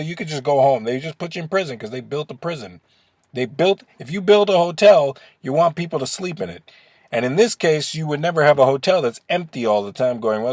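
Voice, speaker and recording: A man's voice: mid-range voice, no room sound. A man ranting in a casual, rambling way, swearing often and restarting his sentences as he goes. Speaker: vlogger. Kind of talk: casual opinion rant.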